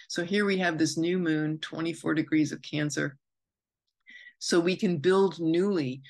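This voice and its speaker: A woman astrologer hosting her own podcast, talking unscripted in a meandering, reflective way, correcting herself and drifting into asides. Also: low voice. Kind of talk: unscripted spoken monologue.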